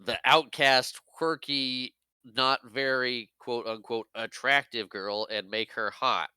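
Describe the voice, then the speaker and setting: A man co-hosting a podcast who chats casually about a movie, quick to agree, laugh and add jokey asides. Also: mid-range voice, steady tone, bright, forceful tone, smooth, dry recording. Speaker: podcast co-host. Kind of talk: casual movie recap chat.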